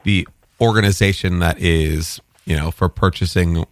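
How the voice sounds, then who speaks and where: A man on a podcast, explaining something haltingly in casual chat. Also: low-pitched, steady tone. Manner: halting explainer, laughs often.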